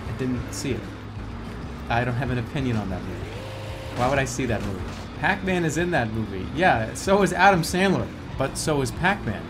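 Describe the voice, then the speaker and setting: Rambling, excitable male game streamer. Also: on the high side, moderate pace. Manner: rambling, excitable, self-mocking. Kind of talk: casual live-stream commentary. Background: game music.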